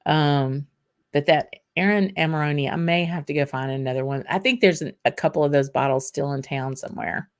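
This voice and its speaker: A woman's voice: low voice, fairly quick. A woman with a Southern US accent hosting a casual whisky livestream, chatting loosely with lots of ums and laughs as she answers viewer comments.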